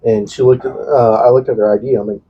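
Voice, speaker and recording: A man in his late twenties from the Quad Cities area of Illinois, a podcast co-host chatting casually and telling stories in a halting way, leaning on "I'm like" and acting out quoted dialogue. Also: medium pitch, steady tone, breathy edge. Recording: dull lo-fi podcast audio.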